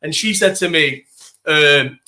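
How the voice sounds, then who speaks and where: A young man telling an animated, swear-filled story while chatting to a live stream audience. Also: fairly high pitch, slow pace. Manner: animated, swears freely, talks to live chat. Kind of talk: casual storytelling chat.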